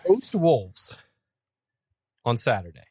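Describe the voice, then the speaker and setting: A man's voice: medium pitch, very animated, slow, darkish tone, husky, no room sound, clean studio sound. A man co-hosting a soccer podcast in casual chat, often stumbling and repeating words. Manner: stammering repeats, puts on a comic German accent. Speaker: podcast co-host.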